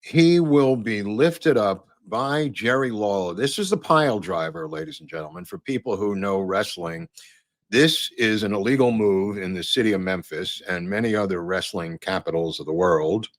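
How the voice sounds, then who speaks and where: A low-pitched man hosts a podcast and chats loosely over a run of photos. He rambles, fills gaps with "uh" and "um", and restarts his sentences often. The sound is dry and close. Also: expressive, normal speed, no echo. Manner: rambling, many fillers and restarts. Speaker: podcast host. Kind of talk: casual commentary over photos and clips.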